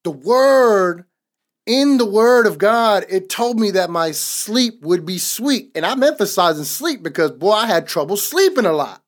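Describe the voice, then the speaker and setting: A man's voice: high voice, animated, measured pace. A man on a podcast giving a casual, emphatic faith testimony in a repetitive, preaching cadence. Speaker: podcast co-host.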